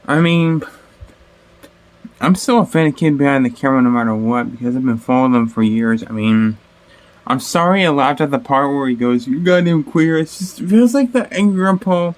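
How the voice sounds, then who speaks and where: A man's voice: medium pitch, lively intonation, moderate pace. A man hosting a reaction video, talking casually in a rambling way, correcting himself mid-sentence and swearing offhandedly.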